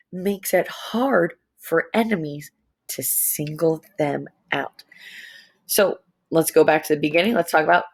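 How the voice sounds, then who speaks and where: Playful woman teaching a young class. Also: on the low side. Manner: animated, playful, drawn-out words. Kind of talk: recorded lesson for young students.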